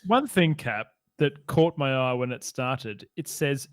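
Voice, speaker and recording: A man's voice: medium pitch, animated, slow. A man co-hosting a casual gaming chat, joking and chiming in with short replies. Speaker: podcast co-host.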